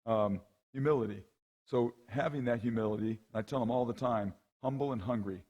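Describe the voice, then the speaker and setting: A middle-aged man with a husky, mid-range voice speaks at normal speed as the guest speaker at a men's conference. A rowing coach, he tells stories in a lively, conversational way, acting out the people involved and often adding "right?" or "okay?".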